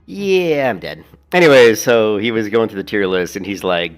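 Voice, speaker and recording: With soft music in the background, a male gaming streamer offers casual commentary in an expressive, lowish voice at a moderate pace. He tends to ramble, laughs a lot, and swears from time to time.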